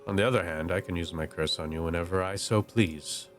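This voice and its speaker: A man voicing a pompous, scheming gentleman with a put-on British accent. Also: low-pitched, a little fast, soft background music, lightly acted. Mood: menacing.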